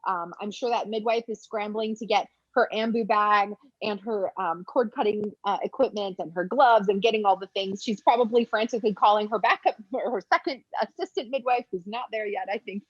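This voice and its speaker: A woman midwife talks through a birth video with eager, explaining commentary, pausing often on little ums. Her voice is husky and a touch breathy, close and dry, with a slightly dull, lo-fi sound. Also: medium pitch, dry recording. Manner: warm enthusiastic explaining with many ums.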